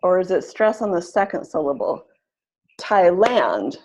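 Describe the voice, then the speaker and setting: A woman leading an online teacher-training webinar, speaking clearly and encouragingly and exaggerating the stress on words she models. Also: lowish voice, a little fast, a little mellow. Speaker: webinar facilitator.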